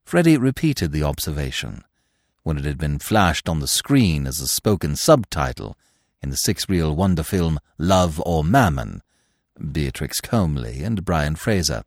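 A man narrating classic fiction in an expressive storytelling manner. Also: rumbling low, a little slow, dry recording, studio quality.

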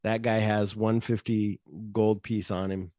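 A man's voice: fairly low pitch, little pitch movement, measured pace, dark tone, dry recording, clean studio sound. A man co-hosting a podcast, retelling film scenes in a loose, rambling way with plenty of swearing. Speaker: podcast co-host. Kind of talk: casual movie-discussion chat.

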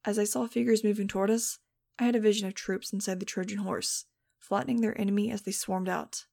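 A woman's voice: mid-range voice, fairly even intonation, brisk, vocal fry, warm tone. A woman narrating an audiobook in the first person, in a wry, sardonic tone.

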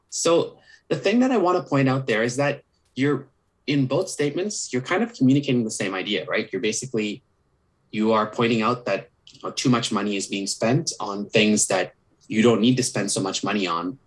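A man's voice: medium pitch, normal speed, rough recording. A young man, a counselor, earnestly explaining communication tips with examples on a podcast, with many "sort of" and "kind of" asides.

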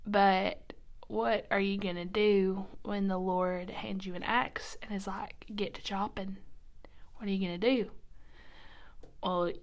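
A woman hosting a casual devotional podcast, chatty and upbeat, often dropping to a soft whisper, recorded in a quiet church nursing room. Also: medium pitch, steady tone, unhurried. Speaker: podcast host.

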